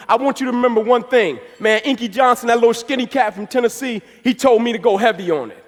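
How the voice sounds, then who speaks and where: A man in his thirties from the United States giving a passionate, energetic motivational speech, full of storytelling. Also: very high-pitched, fast, few pauses. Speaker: motivational speaker. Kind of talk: inspirational speech. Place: large banquet hall. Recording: echoey hall.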